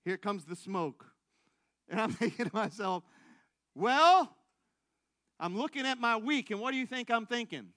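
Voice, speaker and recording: High, bright-voiced preacher man, self-mocking. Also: brisk, dry recording. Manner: animated, self-mocking, laughing through the story; big swings between loud excited bursts and quiet low asides. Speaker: preacher giving a testimony. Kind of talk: storytelling sermon to a congregation.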